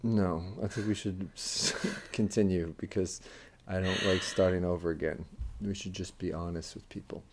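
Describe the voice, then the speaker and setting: A man's voice: low-pitched, fairly even intonation, moderate pace, slight background noise. A man co-hosting a casual movie-recap podcast, bantering in a dry, joking, slightly defensive way. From United States. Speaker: podcast co-host. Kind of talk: casual chat.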